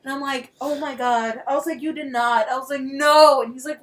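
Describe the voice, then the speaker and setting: A woman co-hosting an explicit casual chat, telling a story in an animated way with loud bursts of laughter. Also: high-pitched, brisk. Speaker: podcast co-host.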